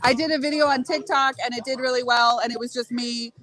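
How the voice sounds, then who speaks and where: High-voiced, frank woman. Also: steady tone, fast, fairly bright tone, poor audio. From Massachusetts. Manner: frank, matter-of-fact. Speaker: guest. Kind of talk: casual podcast chat.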